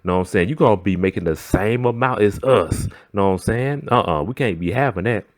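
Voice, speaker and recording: A man's voice: on the low side, a little fast, no echo, clean studio sound. A man telling a workplace story in a slangy, chatty way, often checking in with the listener. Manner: slangy and chatty, often asking "know what I'm saying". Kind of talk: casual storytime.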